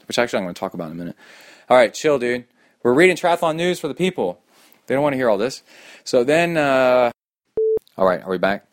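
Rambling excitable male podcast host. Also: medium pitch, slight background noise. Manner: rambling, excitable, laughs often. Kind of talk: casual podcast chat. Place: home room.

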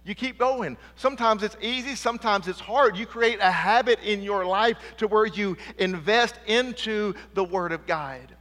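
A man preaching a sermon in a church sanctuary, his voice high and bright. He is emphatic, asks the congregation for "amen," and sinks low and quiet to drive home a point. A long reverb hangs after his words. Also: normal speed, hardly any pauses.

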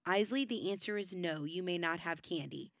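A woman's voice: on the low side, normal speed, a bit bright, dry recording, clean studio sound. A woman in her thirties, a podcast co-host, speaking frankly and reassuringly in casual chat. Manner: reassuring, frank, acts out dialogue.

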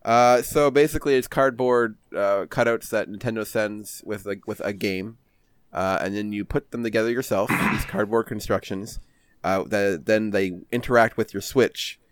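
A man's voice: fairly low pitch, fairly even intonation, normal speed, clear, resonant tone, dry recording. A young man hosting a casual podcast, rambling through a comic story with swearing and many fillers. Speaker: podcast host. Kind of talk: casual chat.

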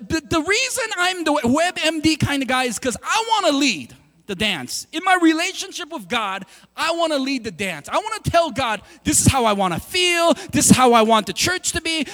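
A male pastor with a high voice preaches in a casual, animated way, acting out little back-and-forth conversations. His voice carries a long hall reverb, as if he is in a large church. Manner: animated, conversational, acts out quoted dialogue. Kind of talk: sermon.

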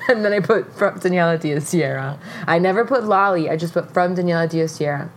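A young woman co-hosting a casual podcast, telling a story in an animated way, with frequent swearing and laughter. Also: mid-range voice, fast talker, few pauses, slight background noise. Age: young adult. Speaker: podcast co-host.

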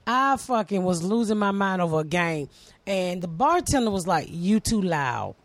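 A middle-aged woman comedian with a deep voice, talking loudly and bluntly with plenty of swearing in casual chat. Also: animated, moderate pace, dry recording. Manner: loud, blunt, profane. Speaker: comedian guest.

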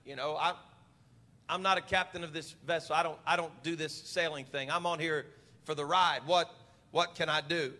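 A man's voice: on the high side, steady tone, moderate pace, bright, forceful tone, in a large hall, pitched below the performer's own voice. A man with a Southern US accent voicing a humble, faithful missionary in a sermon story. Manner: mild and plain-spoken. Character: calm humble male missionary, firm in faith.

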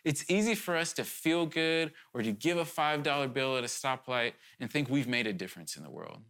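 A man's voice: mid-range voice, animated, a little fast, fairly bright tone. Earnest man preaching a sermon. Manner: earnest and urgent, with sudden emphatic rises; conversational, with candid asides and restarts.

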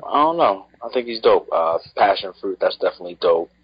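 A man's voice: low-pitched, animated, a little fast, husky, no room sound. A man co-hosting a podcast, giving a hesitant casual album review full of ums. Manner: hesitant, lots of ums, lists tracks. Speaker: podcast co-host. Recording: dry, dull lo-fi audio.

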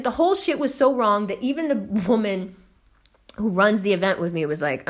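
A woman's voice: medium pitch, lively intonation, a little fast, fairly bright tone. A young woman telling a story in a casual, profane, emphatic rant full of slang. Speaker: host.

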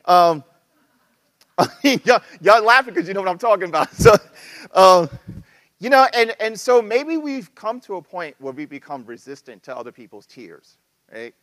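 Recorded dry, a high-voiced man preaches at a moderate pace. He's a pastor whose sermon is casual and lively, full of asides and quotes he acts out.

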